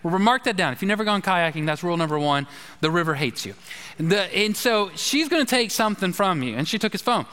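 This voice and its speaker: Male pastor, high bright voice, rambling storytelling sermon, reverb of a large church hall. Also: fairly quick. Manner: chatty, animated anecdote telling with fillers. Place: church sanctuary.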